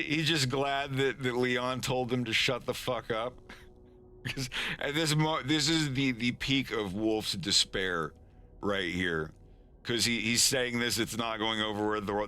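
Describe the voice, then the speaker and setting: A male animator talks through his work on a live stream in a loose, rambling way. His voice sits low and moves at an easy, slow pace, with a bright, forceful edge to the tone. He trips over his words and restarts often, with a chuckle never far off. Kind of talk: casual live-stream chat.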